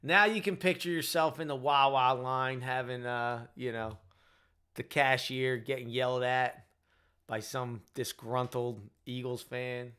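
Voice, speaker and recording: A man's voice: medium pitch, fairly even intonation, a little slow, sharp tone, smooth. A tired man in his thirties hosts a casual livestream chat and rambles, filling his talk with "like" and "you know". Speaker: host.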